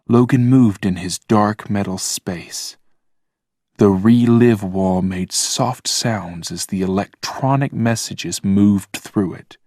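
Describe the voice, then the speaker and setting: Slow, deliberate male storyteller. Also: on the low side, no echo, studio quality. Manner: calm, plain, deliberate. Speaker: narrator. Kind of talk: slow scripted narration for language learners.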